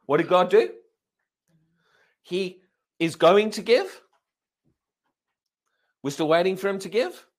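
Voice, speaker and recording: Animated high-voiced male preacher. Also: slow pace, long pauses. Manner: animated, questioning the congregation. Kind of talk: sermon. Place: church service.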